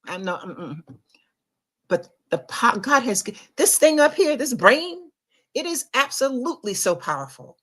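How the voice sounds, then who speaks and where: A middle-aged woman hosting a podcast, giving an inspirational faith talk in an emphatic, confiding way that swings between loud urgency and quiet reflection. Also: sits high, big pitch swings, normal speed, breathy edge. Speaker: podcast host.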